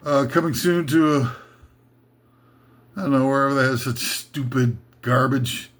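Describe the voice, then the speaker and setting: A man's voice: medium pitch, a little slow, long pauses, fairly bright tone. A man doing an improvised comedy rant, sarcastic and rambling, laughing at his own jokes. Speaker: comedic ranter.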